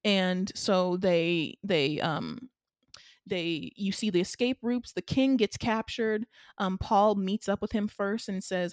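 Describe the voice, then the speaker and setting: A woman co-hosting a casual chat, recapping a film in an animated, rambling way with lots of fillers. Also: medium pitch, takes it slowly, no room sound, studio quality. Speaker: podcast co-host.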